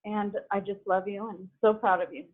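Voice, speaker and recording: A woman's voice: mid-range voice, fairly even intonation, moderate pace. A mother of a graduate speaking hesitantly on a video call, shy and full of filler words. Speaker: parent of a graduate. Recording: tinny phone-like call audio.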